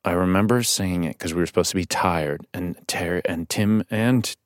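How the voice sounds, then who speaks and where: A man guesting on a podcast as an actor, telling stories casually in a studio, animated and swearing now and then. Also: low voice, normal speed, dry recording. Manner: animated storytelling with restarts and swearing.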